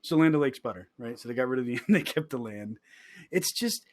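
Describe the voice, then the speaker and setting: A man co-hosting a casual comedy podcast, rambling through animated banter and laughing often. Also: mid-range voice, a little fast. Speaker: podcast co-host.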